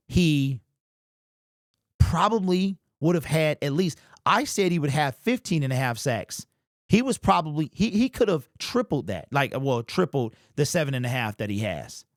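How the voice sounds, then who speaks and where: A man's voice: on the high side, very animated, measured pace, no room sound, studio quality. A man hosting a live sports talk stream, passionate and emphatic, visibly emotional as he talks it through. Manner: passionate, emphatic, gets worked up. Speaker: sports show host.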